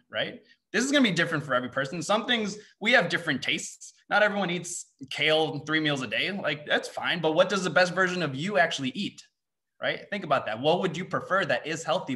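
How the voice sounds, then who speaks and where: Bright and forceful, with a pitch on the high side, a young male mindset coach runs a motivational seminar for students. His delivery is a quick barrage of rhetorical questions, many of his points ending in "right?"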